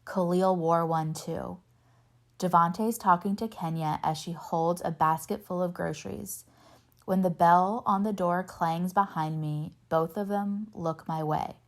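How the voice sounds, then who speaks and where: A woman reading a novel aloud in steady first-person narration, lightly voicing the dialogue. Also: fairly low pitch, measured pace. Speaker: reader.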